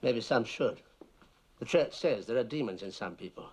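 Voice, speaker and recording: An actor playing a bitter, resentful widower being questioned, grim and brooding, in a film drama. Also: male voice, mid-range voice, lively intonation, moderate pace, breathy edge.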